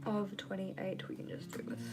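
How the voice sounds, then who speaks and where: A woman's voice: medium pitch, very animated, normal speed, vocal fry, loud music behind the voice. A woman hosting a casual livestream, chatting candidly and ranting while she journals. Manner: chatty, candid, rants and laughs readily. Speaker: livestream host.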